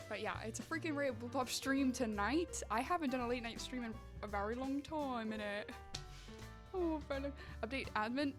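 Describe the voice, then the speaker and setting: Bubbly young-sounding woman streamer, high voice. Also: moderate pace. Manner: bubbly, animated, rambling to chat. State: wired and restless after coffee. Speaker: livestreamer talking to chat. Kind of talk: casual late-night stream chat. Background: faint background music.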